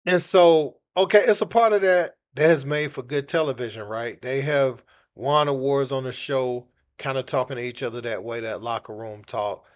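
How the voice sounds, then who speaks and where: A man's voice: mid-range voice, moderate pace. A man hosting a casual sports commentary video, talking loosely and conversationally with plenty of filler phrases. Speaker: channel host.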